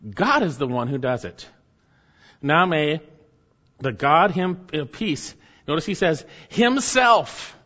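A man's voice: fairly high pitch, animated, a little slow, pauses often, a bit bright, highs cut off. Emphatic man preaching in a reverberant hall. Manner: emphatic preaching, rising and dropping to near murmurs. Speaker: pastor. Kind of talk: sermon.

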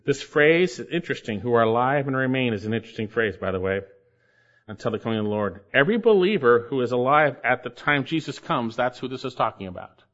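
A man's voice: medium pitch, expressive, quick pace, a bit bright. A man preaching a verse-by-verse sermon as pastor, emphatic and repeating key phrases for stress. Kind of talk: expository sermon. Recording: dull lo-fi sermon recording.

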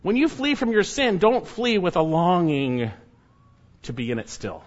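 A pastor preaches in a fairly high voice, very animated but at a measured pace. He swings emphatically between loud urging and low, hushed warnings, and the recording is dull and lo-fi.

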